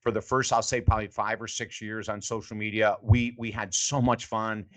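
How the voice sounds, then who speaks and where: An older man, a sports psychology coach, telling lively stories in a podcast interview and acting out the quotes. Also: fairly low pitch, moderate pace. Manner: animated storyteller, acts out quotes.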